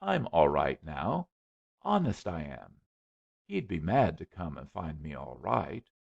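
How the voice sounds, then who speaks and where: A man's voice: deep voice, sing-song, slow, creaky, slightly rough, heavily acted. A man voicing a sly, stubborn eleven-year-old boy, on a dull lo-fi recording. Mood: wheedling. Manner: firm, wheedling.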